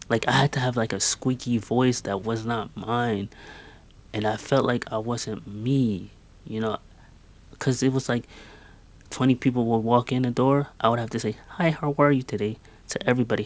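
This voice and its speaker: A man in his twenties giving an earnest, emphatic motivational monologue with lots of repetition. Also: on the low side. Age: 20s. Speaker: podcast host.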